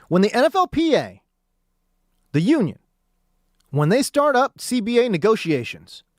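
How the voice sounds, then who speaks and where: A man's voice: sits high, no echo. A man hosting a sports talk radio show, ranting in a casual, slangy monologue from the studio.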